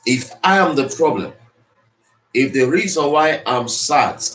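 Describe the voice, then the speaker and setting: Motivational speaker, man, mid-pitched, preachy and repetitive, in an echoey room. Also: animated, measured pace, fairly bright tone. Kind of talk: motivational speech. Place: speaking to an audience in the Philippines. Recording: roomy echo.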